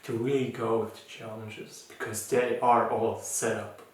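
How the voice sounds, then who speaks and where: A man with a non-native English accent, leading a mindfulness challenge as its teacher in an informal, gentle talk full of fillers and restarts. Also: on the low side, little pitch movement, a little slow. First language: not English. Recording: echoey room, voice from far off.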